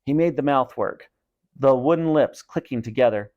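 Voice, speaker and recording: A man, a teacher, reading a storybook aloud with expressive narration. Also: mid-range voice, moderate pace, highs cut off.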